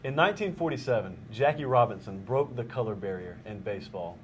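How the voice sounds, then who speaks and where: A young man hosting a casual talk show, joking and teasing his co-host in a deadpan way. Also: fairly low pitch, fairly quick, slight background noise.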